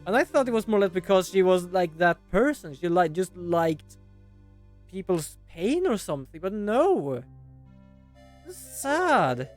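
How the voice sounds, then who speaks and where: Lively, emotional let's-play streamer. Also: medium pitch, measured pace, soft background music. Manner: animated, emotional reactions. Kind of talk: casual let's-play commentary.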